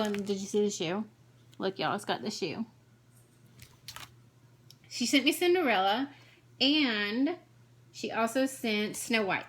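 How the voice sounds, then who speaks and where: A woman chatting quickly and excitedly as she shows her cross-stitch projects, jumping from one topic to the next. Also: a little high. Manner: fast, chatty, jumps between topics; excitable, gushing. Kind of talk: casual chat showing craft projects.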